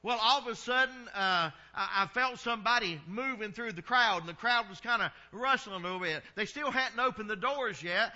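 A middle-aged Southern American pastor preaches in a high, very bright and ringing voice, folksy and easygoing as he draws out his vowels. The recording sounds a little muffled and dull. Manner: folksy preaching, drawn-out vowels, chuckles at his own stories. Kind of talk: sermon.

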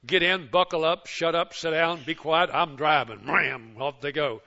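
Older man preaching a forceful sermon. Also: fairly high pitch. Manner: swings between loud, emphatic exhortation and hushed, slow passages; folksy storytelling that acts out others' words. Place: church service. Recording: muffled lo-fi recording.

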